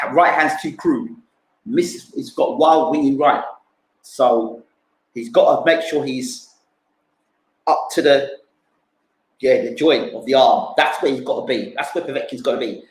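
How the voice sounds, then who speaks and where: A man's voice: medium pitch, echoey room, rough recording. A man giving casual boxing fight analysis, repeating himself and acting out punches with sound words. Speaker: boxing pundit streamer.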